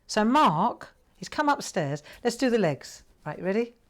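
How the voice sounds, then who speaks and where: A woman's voice: medium pitch, sing-song, moderate pace. A middle-aged woman hosting a live crafting show from home, chatting and telling a rambling story while she paints. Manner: chatty, rambling storyteller who laughs often. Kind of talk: live crafting demonstration with chat.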